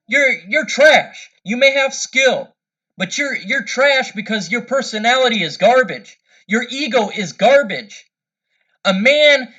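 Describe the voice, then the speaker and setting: A man's voice: very high voice, pushed and bright. A man delivering a heated, angry sports rant, repeating himself and stumbling over restarts. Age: older than 13-year-old's parent, adult. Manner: angry, repetitive, stammering restarts. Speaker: fan commentator.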